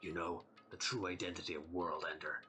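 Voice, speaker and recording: Male reader playing a creepy, calm boy; low and measured. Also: faint music behind. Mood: calm, eerie.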